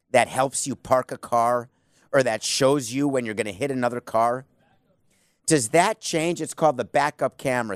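A man's voice: mid-range voice, dry recording, studio quality. A man hosting a sports talk show, arguing his point with rhetorical questions and emphatic asides. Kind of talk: opinionated sports talk monologue.

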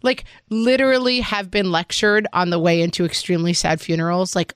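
A woman's voice: lowish voice, steady tone, fairly quick, clean tone, no room sound. Woman, middle-aged, casual podcast chat, frank and joking, dry sound. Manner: frank, joking, thinks aloud with "like". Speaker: podcast co-host.

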